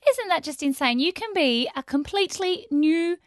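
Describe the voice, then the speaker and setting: A woman who works in fertility care, chatting with lively emphasis. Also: high-pitched, moderate pace, no room sound, studio quality. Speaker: fertility practitioner. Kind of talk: casual chat.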